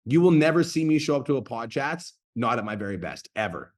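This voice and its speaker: A man's voice: medium pitch, very animated, brisk, darkish tone. A man in his thirties coaching a group video call, blunt and profane, talking in a pumped-up motivational way. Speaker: online business coach hosting a group call.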